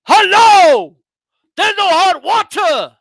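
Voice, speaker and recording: A man's voice: very high voice, expressive, slow, vocal fry, a bit bright, dry recording, voice pushed up, full character voice. A man doing a flustered boxer with a mock English accent. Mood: exasperated. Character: flustered young male boxer complaining.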